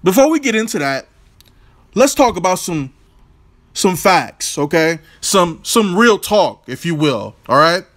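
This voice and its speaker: A man's voice: high voice, very animated, a little slow, fairly bright tone. A man hosting an opinionated, profane boxing vlog rant, brash and combative. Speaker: boxing commentator, channel host.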